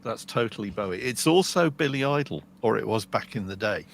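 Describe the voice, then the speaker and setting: A man's voice: fairly low pitch, animated, fairly quick, vocal fry, a little hiss or hum. An English man co-hosting a podcast, telling long rambling stories in casual chat. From England. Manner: chatty, rambling storyteller. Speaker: podcast co-host.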